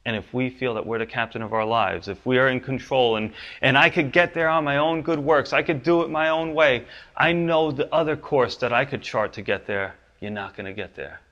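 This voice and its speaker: A pastor preaching a sermon, his voice climbing high and loud for the pleas and dropping low and soft on the promises. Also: brisk, highs cut off.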